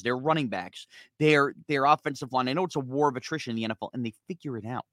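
A man hosting a sports podcast, ranting heatedly in a rapid-fire, fired-up way that gets loud at times. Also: fairly high pitch, no room sound. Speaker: sports talk podcast host.

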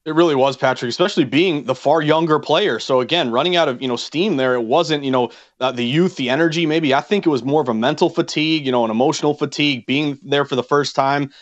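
A man from New England co-hosts a sports betting show, and his words come out in a quick, excited rush. His voice sits a bit high and sounds slightly muffled and lo-fi. He restarts his sentences often as he rambles on. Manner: fast, enthusiastic, rambling with restarts. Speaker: co-host. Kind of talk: sports betting radio chat.

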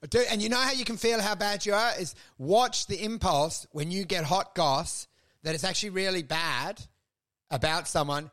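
A man co-hosting a comedy podcast, riffing crudely and acting out bits with sudden loud bursts. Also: high voice. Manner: animated, crude, acts out bits loudly. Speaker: podcast co-host. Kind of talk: casual comedic chat.

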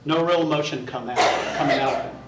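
A man's voice: a little high, fast talker, over loud music. Man arguing in a courtroom from afar. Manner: forceful, repetitive persuasion. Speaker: defense attorney. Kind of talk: courtroom closing argument. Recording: roomy distant courtroom audio.

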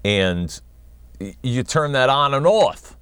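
A man in his fifties with a New York accent, a guest chatting in a relaxed, wry way and laughing often. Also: medium pitch, slow pace, clear, resonant tone, no room sound. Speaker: guest, former wrestling announcer. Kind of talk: casual interview chat.

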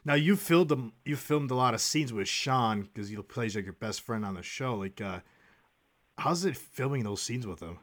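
A man's voice: medium pitch, lively intonation, normal speed, no echo. Male podcast host asking short questions. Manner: brief, encouraging interjections and questions. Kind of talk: casual interview chat.

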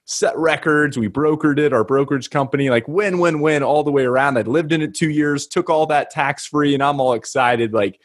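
A man hosting a podcast, telling a casual self-deprecating story in quick excited bursts. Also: a little high. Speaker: podcast host.

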